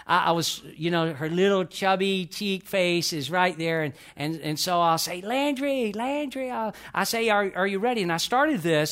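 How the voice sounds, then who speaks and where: A man's voice: sits high, fairly bright tone. Folksy older male pastor preaching. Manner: folksy, asks the congregation questions. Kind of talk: sermon.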